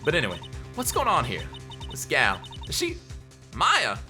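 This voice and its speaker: A man voicing an earnest young male defense lawyer while reading game dialogue aloud, quick to exclaim. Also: a little high, wildly swooping pitch, music in the background, pitched above the performer's own voice.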